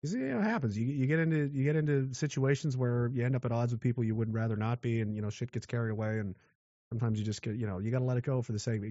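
A man's voice: medium pitch, sing-song, fast, dry recording, dull audio. A man delivering a blunt, aggressive monologue rant, mocking those who show mercy.

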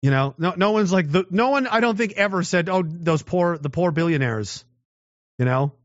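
Animated high-voiced man ranting. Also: normal speed, no echo, dull audio. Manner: animated, swings into loud mocking voices. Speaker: commentator. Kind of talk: casual opinion monologue.

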